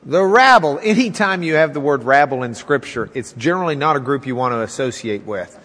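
A man's voice: animated, fairly quick, a bit bright, big-room sound. A man teaching a Bible class in a folksy sermon style, acting out the people's complaints in a raised voice. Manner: folksy, acts out quotes with raised pitch.

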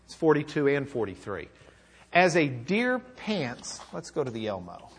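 A man's voice: mid-range voice, big pitch swings, measured pace, slight background noise. A man preaching a sermon, reading scripture aloud with rising feeling and talking to his listeners. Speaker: pastor. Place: church or classroom with a document camera.

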